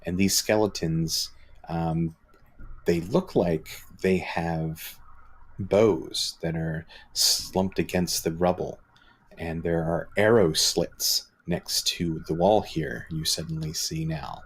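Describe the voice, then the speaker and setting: A man's voice: low voice, slow, husky. A man narrating as dungeon master, describing scenes with frequent fillers. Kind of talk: narrating a tabletop game.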